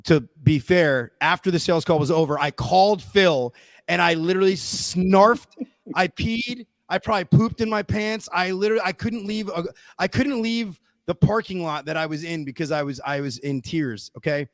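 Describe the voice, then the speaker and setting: A man on a casual podcast, rambling and animated as a guest storyteller, restarting his sentences and checking in with his listeners as he goes. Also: high voice, moderate pace, dry recording, clean studio sound.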